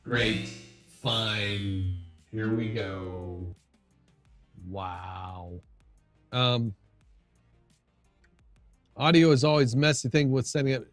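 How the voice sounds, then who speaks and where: An unhurried man hosts a live stream, chatting loosely with viewers and trailing off mid-sentence as he fiddles with his gear. His voice sits in a middle register and sounds dry and close, with faint music underneath. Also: medium pitch, no echo. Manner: rambling, with frequent restarts and chatting to viewers. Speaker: livestream host. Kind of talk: casual live-stream chat.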